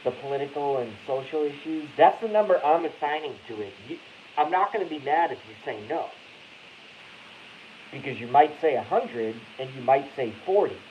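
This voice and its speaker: A man's voice: fairly high pitch, expressive, normal speed. Profane rambling man hosting a live stream. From Boston. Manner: rambling, profane, self-interrupting. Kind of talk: casual ranting live stream. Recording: dull lo-fi audio with faint hiss.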